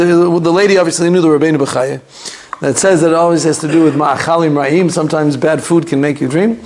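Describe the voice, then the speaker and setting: A man's voice: fairly high pitch, fairly even intonation, fast, vocal fry. A man teaching a Torah class as a rabbi, rambling and digressing, sprinkling Hebrew and Yiddish terms and chatting with the class.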